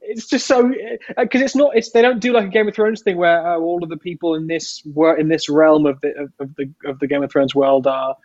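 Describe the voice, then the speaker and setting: A speaker chatting about films in an animated way, often laughing. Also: medium pitch, brisk, hardly any pauses. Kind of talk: casual film discussion. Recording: dull lo-fi sound.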